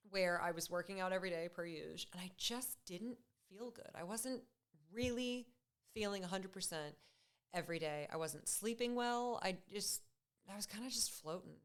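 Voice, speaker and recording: Female podcast guest in her thirties, lowish smooth voice, upbeat and conversational. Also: moderate pace. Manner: chatty and upbeat, laughs often. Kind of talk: casual interview chat.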